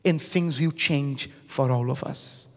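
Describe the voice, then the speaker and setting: A man's voice: medium pitch, takes it slowly, fairly bright tone. A man preaching a sermon as a bishop in a large theatre, emphatic, asking rhetorical questions and calling for "Amen?". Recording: long hall reverb in a theatre.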